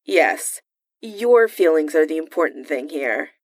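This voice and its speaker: A woman voicing a guarded man in armor who talks low, clipped and reluctant. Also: expressive, a little slow, dry recording, clean studio sound. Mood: dry.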